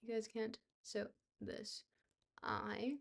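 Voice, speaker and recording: A woman's voice: medium pitch, little pitch movement, slow pace, creaky. A woman on a livestream reading a book aloud, tripping over hard words and breaking off for blunt, offhand asides. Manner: stumbles over hard words and restarts them.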